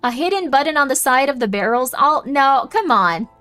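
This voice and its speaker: A young woman streaming a game, chatting with her chat and thinking out loud as she plays. Her voice sits a little high, and faint music plays behind her. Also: lively intonation, normal speed. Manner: chatty, reacting aloud to chat and muttering to herself. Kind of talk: casual livestream chat while gaming.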